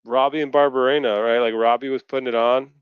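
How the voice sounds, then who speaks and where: A man's voice: medium pitch, steady tone, fast talker, clear, resonant tone, dry recording. Profane ranting man on a dull stream. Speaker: podcast co-host. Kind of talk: casual post-fight chat. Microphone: video call.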